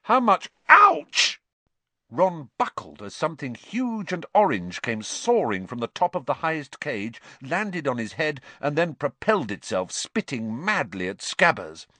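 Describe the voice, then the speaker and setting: A man narrating a storybook in a very animated, expressive voice. His pitch sits in the middle, and the recording is close and completely dry. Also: moderate pace, few pauses, dry recording. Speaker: audiobook narrator. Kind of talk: scripted narration.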